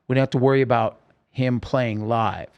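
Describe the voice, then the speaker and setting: A middle-aged man telling a story as a podcast guest, lively and acting out the voices of the people he quotes. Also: medium pitch, moderate pace, smooth, highs cut off. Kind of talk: casual storytelling interview.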